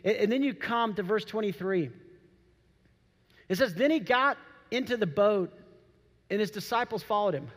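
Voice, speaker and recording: A man preaching a sermon, telling the story with animated, acted-out quotes. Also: high-pitched, normal speed, long pauses. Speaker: pastor. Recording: long hall reverb.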